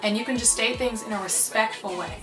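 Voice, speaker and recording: A woman's voice: fairly high pitch, a little fast. A young woman talking casually and earnestly, giving encouraging self-help advice. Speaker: advice speaker. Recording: echoey room with faint music.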